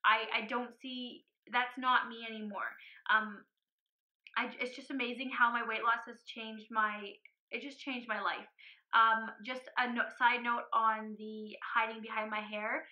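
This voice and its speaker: A young woman talking earnestly about her weight loss in a casual vlog, emotional at times and pausing often with ums. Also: fairly high pitch, little pitch movement, pushed and bright, rough recording.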